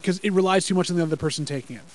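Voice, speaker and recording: Fast-talking man on a podcast call. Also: high voice, rough recording. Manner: rapid, enthusiastic rambling with profanity. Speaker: podcast co-host. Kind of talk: casual live-reaction chat.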